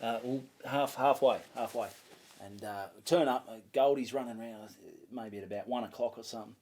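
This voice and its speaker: An Australian comedian telling a lively story on a podcast, swearing and acting out other people's voices. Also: male voice, medium pitch, brisk. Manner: animated, swearing, acts out voices. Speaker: comedian guest.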